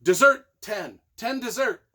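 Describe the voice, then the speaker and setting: An excitable man with a high voice reviews books in a casual, rambling way. He piles up repeated phrases and swells into loud, emphatic bursts of enthusiasm. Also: unhurried. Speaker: book reviewer.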